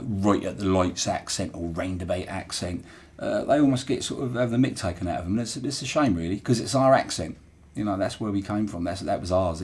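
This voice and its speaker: Man, Portsmouth accent, lowish voice, chatty and reflective, an unscripted podcast guest. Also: a little mellow. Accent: Portsmouth English. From Portsmouth, England. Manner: chatty and thoughtful, with frequent fillers and restarts. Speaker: interviewee, former dockyard worker.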